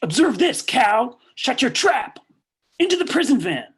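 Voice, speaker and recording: A woman's voice: a little high, very animated, measured pace, breathy edge, heavily acted. A woman voicing a brutal, vulgar male riot policeman in a staged play reading, barking orders with a sneer. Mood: vicious.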